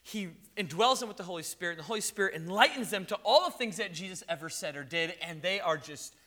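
A man preaching a sermon in a lively, conversational storytelling way. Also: high voice, quick pace. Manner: animated, conversational storytelling with acted quotes. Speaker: pastor.

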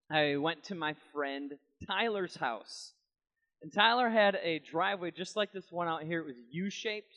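A young man preaching and telling a story from his own life. His voice sits high and sounds bright and forceful, and he acts out the people he quotes in a lively way. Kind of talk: sermon with personal story.

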